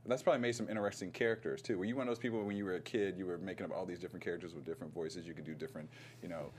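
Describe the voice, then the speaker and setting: A man's voice: sits low, steady tone, racing, a little mellow, slight background noise. A man interviewing a guest in a playful, teasing way, full of "you know". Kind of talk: casual interview.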